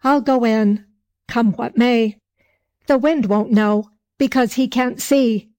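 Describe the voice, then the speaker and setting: A woman's voice: fairly high pitch, steady tone, warm tone. A woman doing a simple poor peasant man. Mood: plain. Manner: slow, archaic storytelling speech.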